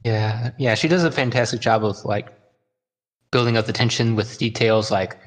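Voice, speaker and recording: A man's voice: lowish voice, fairly even intonation, moderate pace. A man co-hosting a podcast, chatting casually about songs with many fillers and jokes. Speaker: podcast co-host. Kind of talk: casual music chat.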